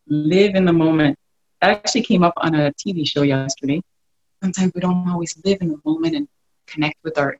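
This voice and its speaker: Gentle woman doing a wellness podcast, kinda gravelly, muffled lo-fi recording. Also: on the low side. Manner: gentle, encouraging, invites listeners to slow down. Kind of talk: casual wellness talk with a read-aloud story excerpt.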